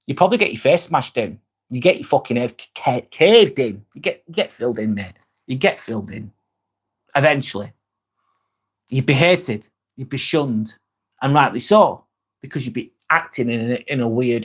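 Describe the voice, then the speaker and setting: A man's voice: medium pitch, animated, normal speed. A man hosting a casual live stream, reading viewers' comments aloud and answering them with frequent swearing. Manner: chatty, swears freely, answers viewers by name.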